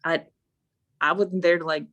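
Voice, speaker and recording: A woman's voice: on the low side, moderate pace. A young woman on an online voice call, telling a story in casual chat, swearing often and acting out what she said at the time. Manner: animated, swears often, acts out her own past lines. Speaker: guest.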